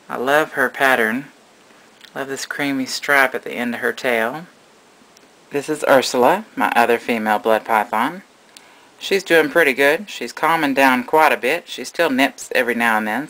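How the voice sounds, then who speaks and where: A man's voice: mid-range voice, pushed and bright, rough recording. A man narrating a casual vlog about his pet reptiles, rambling and affectionate, cooing at his animals. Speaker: reptile keeper.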